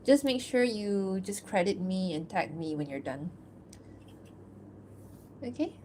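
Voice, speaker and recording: Give me a casual, mid-pitched woman chatting on an art stream over faint background ambience, loose and rambling. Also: expressive, slow, darkish tone, a little hiss or hum. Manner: chatty and loose, full of "like" and small laughs; reads fan-fiction narration aloud. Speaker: artist streaming her work. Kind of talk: casual livestream chat.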